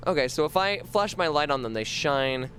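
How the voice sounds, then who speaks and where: A man's voice: fairly high pitch, expressive, normal speed, a bit bright, soft background music. A man streaming a horror game, rambling and joking with his chat, swearing freely and sometimes chanting words over and over. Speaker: livestreamer. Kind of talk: casual gameplay commentary.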